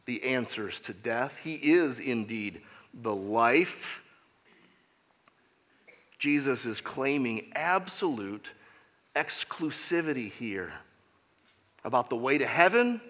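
A man's voice: mid-range voice, sharp tone, in a large hall. A man preaching a sermon as pastor, emphatic and repeating key phrases for weight.

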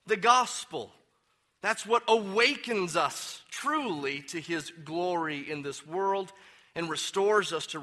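Man, pastor, sermon, emphatic, bright tone. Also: a little high. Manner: emphatic, slows down to stress key words.

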